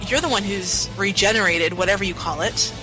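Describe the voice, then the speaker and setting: A woman's voice: mid-range voice, brisk, over music, close to an everyday voice, low-quality recording. A woman reading the part of a young female companion in a podcast read-through, in a plain accent and a patient, teasing tone. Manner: plain non-British read, mildly teasing.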